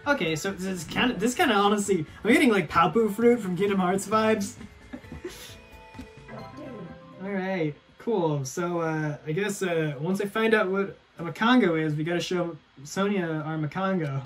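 A young man hosting a game playthrough, chatting casually with self-mocking, excitable asides. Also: sits high, moderate pace, soft background music. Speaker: let's play host.

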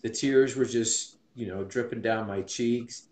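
A man's voice: medium pitch, a little slow, a little mellow, slight background noise. A man in his forties from Utah, earnestly and reflectively telling a personal story as an interview guest. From Utah, USA. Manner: earnest and reflective, many restarts. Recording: roomy echo.

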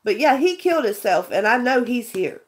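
A woman's voice: on the high side, animated, moderate pace. Rambling woman vlogger. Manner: rambling, earnest storytelling with restarts. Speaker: vlogger chatting with viewers. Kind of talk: casual livestream chat.

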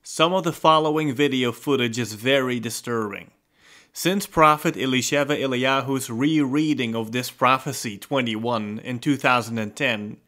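A man reading a scripted voice-over narration in a grave, measured way. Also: mid-range voice, bright, forceful tone. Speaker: video narrator.

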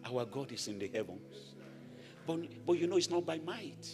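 A man from Nigeria preaching a sermon as pastor, animated, rising to shouted blessings over the congregation. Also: a little high, normal speed. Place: large church hall. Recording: echoey church hall with music.

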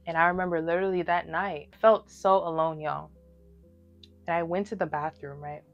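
Low-voiced girl in her early 20s telling her testimony, casual and emphatic, soft music behind. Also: highs cut off. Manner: emphatic, talks straight to viewers with many fillers. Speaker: vlogger sharing her testimony.

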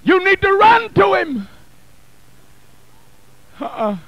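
A man who is a bishop, preaching a Pentecostal sermon in a church, with a rhythmic, chanted, shouting delivery, on an archival 1980 church recording. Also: very high-pitched, big pitch swings, takes it slowly, gravelly, dry recording, lo-fi sound. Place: church sanctuary.

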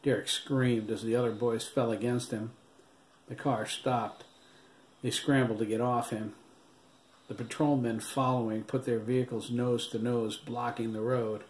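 A man's voice: medium pitch, little pitch movement, measured pace. Man narrating an audiobook in a roomy echo. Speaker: author reading his own novel. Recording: roomy echo, faint background hiss.

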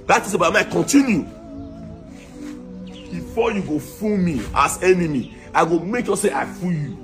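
A man playing a boastful young scammer in a comic skit, speaking with a Nigerian accent and taunting and threatening the woman he swindled. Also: high-pitched. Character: boastful young male scammer who swindled his girlfriend. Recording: music playing under the voice. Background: music.

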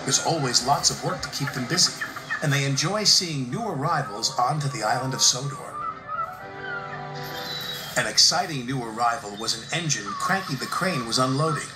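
A man narrates a children's storybook with an animated, expressive delivery. His pitch moves about a lot as he tells the story. The reading sounds roomy, with music playing underneath. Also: normal speed. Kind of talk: storybook read-aloud. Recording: roomy room with background music.

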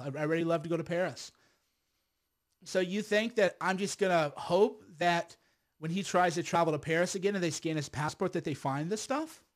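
A middle-aged man delivers a combative, casual monologue to his viewers. His voice sits fairly high for a man, and he restarts phrases, repeats words and checks in with "right?" as he argues his point. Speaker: lawyer and filmmaker.

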